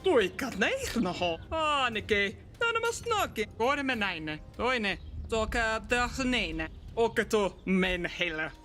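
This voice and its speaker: A chattering character babbling in a made-up tongue. His high voice is bright and sharp, rattling off nonsense words. Faint game music plays underneath. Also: very animated, takes it slowly, exaggerated voice. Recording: game audio with music behind.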